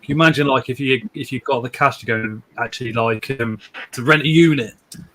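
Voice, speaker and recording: A man's voice: medium pitch, quick pace, bright, forceful tone, a little hiss or hum. A man hosting a casual live stream from home, rambling, repeating words and chuckling as he reads out viewer comments.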